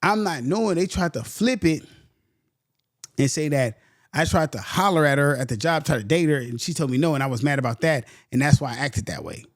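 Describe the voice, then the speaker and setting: A man's voice: on the high side, fairly quick, no room sound, clean studio sound. Heated storytelling man. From San Antonio, Texas. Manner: animated, heated, slangy, says "bro" a lot. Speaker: podcast host. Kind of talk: casual storytelling.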